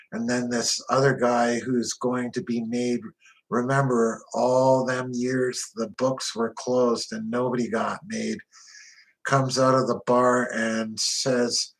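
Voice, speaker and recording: A man tells a crime memoir in the first person, speaking slowly and deliberately. His delivery is blunt and profane, with a tough-guy edge, at a middle pitch. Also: flat delivery, rough recording. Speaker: narrator.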